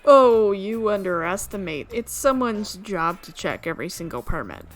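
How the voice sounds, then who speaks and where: A woman streamer reading a visual novel aloud, amused and quick to laugh. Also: medium pitch, very animated. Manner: amused, reads with frequent laughs.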